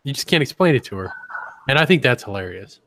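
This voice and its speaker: A man's voice: mid-range voice, big pitch swings, fast talker, fairly bright tone, no room sound. A man co-hosting a comedy podcast, rambling and crude in casual chat, often breaking into giggles. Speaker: podcast co-host.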